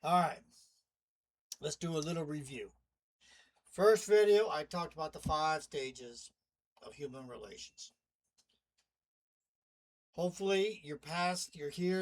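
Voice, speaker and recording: High-voiced wry man monologuing. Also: animated, unhurried, pauses often, rough recording. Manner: chatty, wry, rambling asides. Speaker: vlogger playing a demon narrator. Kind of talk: casual monologue to camera.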